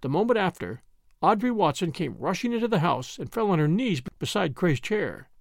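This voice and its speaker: A man narrating a story as an audiobook in a measured manner. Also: high-pitched, sing-song, vocal fry, no room sound, studio quality. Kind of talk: audiobook reading.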